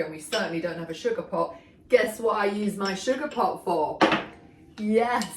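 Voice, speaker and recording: A middle-aged woman hosts a cooking demo in a roomy home kitchen. She chats enthusiastically while she works. She sits some way off the mic, with pans and dishes clattering clearly behind her. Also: on the low side, background noise. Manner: chatty, enthusiastic, talks while working. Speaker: cooking show host. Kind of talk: casual kitchen demonstration. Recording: echoey kitchen, mic far off.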